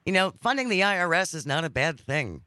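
A man's voice: on the high side, very animated, a little fast, pushed and bright, dry recording. A man hosting a talk radio interview, joking with sarcastic asides. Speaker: radio talk show host.

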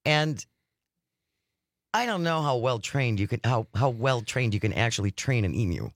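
A man's voice: mid-range voice, sing-song, normal speed, no echo. A man co-hosting a casual radio talk show from a studio, reading headlines with dry jokes.

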